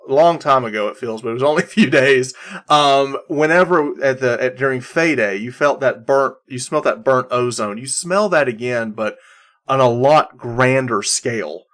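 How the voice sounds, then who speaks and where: A man's voice: mid-range voice, a bit bright. A man narrating as game master of a tabletop game, rambling with many restarts and fillers.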